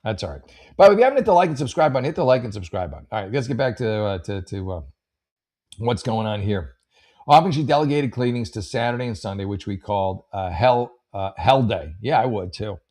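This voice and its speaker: A man's voice: lowish voice, expressive, fairly quick, darkish tone. A man hosting a comedy show, reading letters aloud and riffing with rambling, wry asides. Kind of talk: casual comedic commentary.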